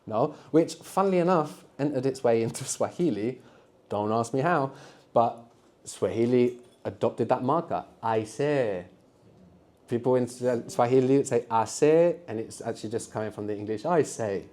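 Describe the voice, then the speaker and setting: A man's voice: mid-range voice, moderate pace, warm tone. A man teaching a live beginners' language workshop, patiently explaining and prompting students to answer.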